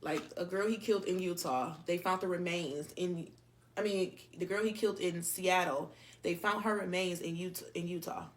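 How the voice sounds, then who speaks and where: A woman's voice: lowish voice, steady tone, moderate pace. A woman vlogger telling a long story in a casual, rambling way, with many fillers and restarts, while eating between sentences. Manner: talks between bites of food. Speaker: mukbang vlogger.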